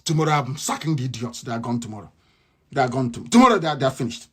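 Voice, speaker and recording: A man's voice: mid-range voice, big pitch swings, racing, breathy edge. A man giving a live radio broadcast monologue, fiery and scornful, repeating his points.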